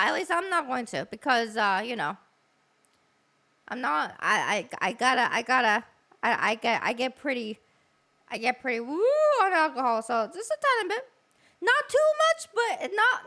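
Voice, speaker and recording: A woman hosting a casual interview stream, excitable and often stumbling over her words. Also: extremely high pitch. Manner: excitable, stammering restarts. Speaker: streamer host.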